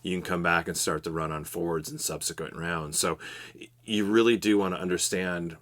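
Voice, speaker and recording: Man, very deep voice, podcast co-host, steady explanatory talk. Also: brisk. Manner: steady, explanatory, advice-giving. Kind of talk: casual podcast analysis.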